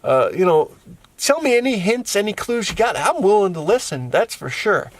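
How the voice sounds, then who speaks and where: A man's voice: high voice, sing-song, normal speed, no room sound. A tired man vlogging casually from inside his camper van, rambling with lots of restarts and fillers. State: tired from a long day. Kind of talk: casual vlog chat.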